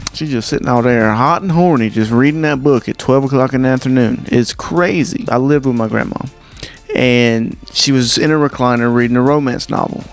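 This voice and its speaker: Gravelly man doing incredulous stand-up. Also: medium pitch. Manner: incredulous, rambling, animated storytelling. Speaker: comedian. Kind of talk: stand-up comedy.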